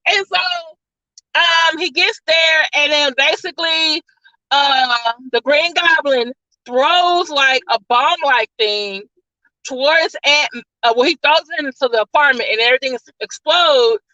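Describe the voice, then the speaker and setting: A woman with a high, bright voice rambles through a casual plot recap as a movie reviewer, leaning on fillers like "like" and "all of a sudden." The recording is dry and a little dull, with a lo-fi edge. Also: unhurried, dry recording.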